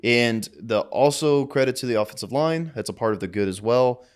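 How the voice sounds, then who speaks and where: A young man co-hosts a casual sports podcast, swearing freely and talking trash with a brash edge. His pitch sits in an ordinary middle range. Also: moderate pace, smooth. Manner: brash, profane trash talk. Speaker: podcast co-host.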